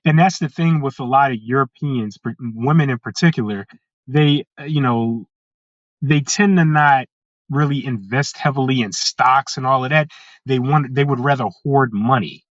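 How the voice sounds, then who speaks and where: A man's voice: mid-range voice, normal speed, dry recording, muffled recording. A man from California, a podcast guest telling his story in a casual way. He fills his talk with "uh" and restarts, and slips into voices when he quotes people. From California, USA. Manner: frequent "uh" fillers and restarts, acts out quoted people.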